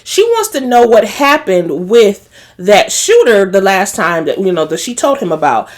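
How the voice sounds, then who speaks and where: A woman's voice: medium pitch, moderate pace. A woman casually recapping a TV episode, acting out the characters' lines and laughing as she gossips. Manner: animated, acts out characters' lines in quotes; gossipy, laughs while talking. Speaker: show recap host.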